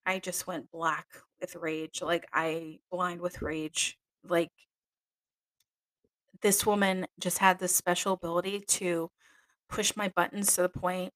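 A woman's voice: lowish voice, bright, forceful tone. A woman who was once a nun hosts a podcast and tells a personal story in a candid, emotional way, often correcting herself mid-sentence. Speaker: podcast host and former nun.

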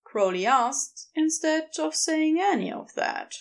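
A woman narrating fan fiction aloud with expressive storytelling. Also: high-pitched, slow pace, creaky.

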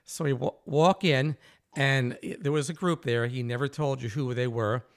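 A man's voice: medium pitch, normal speed. Guy hosting a chat, tells stories with lots of energy, does the voices, laughs a lot. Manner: animated storyteller, acts out quoted dialogue, laughs often. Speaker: host. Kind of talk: casual interview storytelling.

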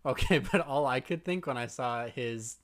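A man's voice: medium pitch, normal speed, noisy background. A man co-hosting a casual podcast, chatting wryly and poking fun at himself as a newcomer to the show. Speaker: podcast co-host, first-time viewer. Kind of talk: casual chat.

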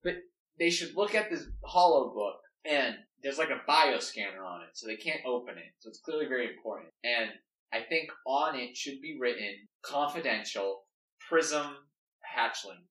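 A man's voice: medium pitch, lively intonation, moderate pace, fairly bright tone. A man talking through a story plan casually, rambling and filling gaps with "like". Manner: rambling, full of "like". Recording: echoey room, mic at a distance.

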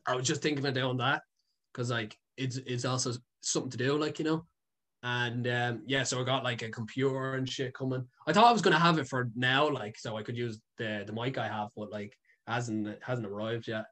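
Speaking briskly in a steady, medium-pitched voice with a slightly bright edge, a young adult guest who makes content tells a loose, casual story. Fillers and curses pile up as he rambles, and he laughs frequently.

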